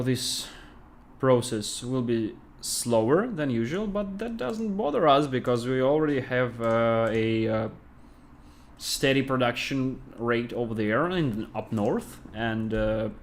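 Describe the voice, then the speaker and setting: A man with a Russian accent, a game developer thinking aloud with many pauses and fillers as he plays on a casual livestream. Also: mid-range voice, slight background noise. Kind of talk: casual livestream gameplay commentary.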